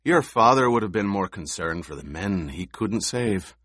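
A man reading the part of a gruff, loyal veteran warrior in an audiobook, blunt in manner. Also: fairly low pitch, animated, normal speed, fairly bright tone, no echo, studio quality. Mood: earnest.

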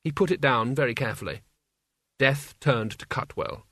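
A man reading an audiobook as its narrator, in an even, measured storytelling manner. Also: mid-range voice, breathy edge, dry recording, studio quality.

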